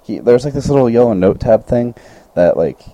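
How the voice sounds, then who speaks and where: A man's voice: medium pitch, fairly quick, slight background noise, poor audio. A young man chatting casually as a podcast co-host, rambling through a story and acting out the people in it. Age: young adult. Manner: rambling, animated retelling with quoted voices.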